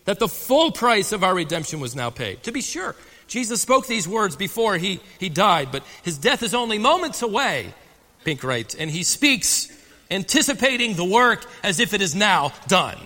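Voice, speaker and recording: A male pastor delivers a sermon, building to loud, emphatic peaks before dropping into hushed, low passages. His voice sits a little high for a man, and a long reverb from a large hall trails after each phrase. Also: sing-song, normal speed.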